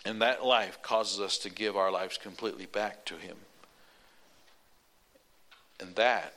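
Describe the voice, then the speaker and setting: Man, preacher, sermon story, animated, strings lines together with "and", bright forward tone. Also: on the low side, a little slow. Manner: animated, runs on with repeated "and".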